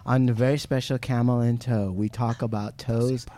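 A man's voice: mid-range voice, steady tone, moderate pace. Crude, teasing man podcast co-host. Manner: crude joking, teasing, bursts into shouting. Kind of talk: casual chat.

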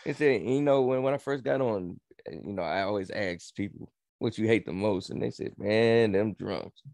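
A man's voice: on the low side, moderate pace, gravelly, a little mellow, no room sound. Terse man with a dry close sound. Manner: terse, punchy short remarks. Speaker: podcast co-host, police officer. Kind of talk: casual chat.

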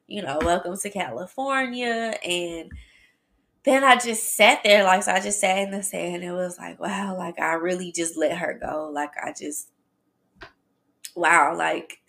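Chatty woman with a gravelly bright voice. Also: lowish voice. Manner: chatty, animated storytelling addressing listeners as y'all. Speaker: podcast host. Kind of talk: casual storytelling.

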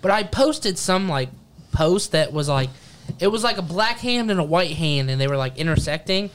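Animated profane young man telling a story. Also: on the high side, moderate pace, noisy background. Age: young adult. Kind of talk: casual storytelling chat.

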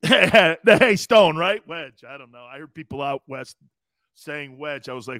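With a slightly high, bright, forceful voice, lively intonation, and a measured pace, this man hosts a sports talk show on a dry recording. He's from the East Coast US and comes across brash and jokey, reading chat comments aloud and laughing often as he riffs.

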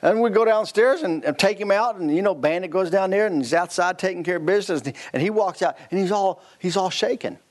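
A man's voice: sits high, quick pace, few pauses. A man in his fifties, a guest preacher telling a story in a sermon, laughing often and restarting his sentences. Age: 50s.

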